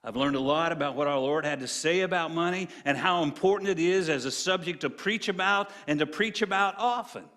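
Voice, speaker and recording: A middle-aged man preaching as a guest preacher, telling folksy jokes and dropping low and quiet for serious points. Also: brisk, few pauses. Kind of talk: sermon with jokes.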